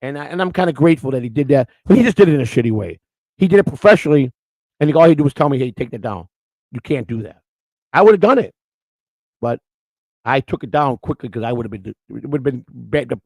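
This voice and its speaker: Gravelly man rambling on a live stream. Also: medium pitch, darkish tone, no room sound, low-quality recording. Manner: crude, rambling, repeats words. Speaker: co-host of a live-streamed morning show. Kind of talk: rambling casual chat reading live chat.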